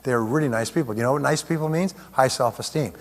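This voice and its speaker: A man's voice: medium pitch, fast. A man giving a motivational seminar talk in a large hall, joking with and rousing the audience. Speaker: seminar speaker. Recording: echoey hall with long reverb.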